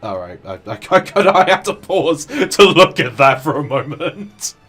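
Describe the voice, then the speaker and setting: A man's voice: fairly high pitch, big pitch swings, measured pace, fairly bright tone, soft background music. A man hosting a stream, chatting casually and telling anecdotes in a wry way. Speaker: streamer host. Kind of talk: casual chat.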